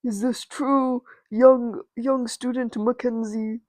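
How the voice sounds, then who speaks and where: A woman's voice: fairly high pitch, fairly even intonation, slow, a little mellow, no echo. A woman voicing a shocked, blustering male school principal who fumbles for words. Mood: indignant.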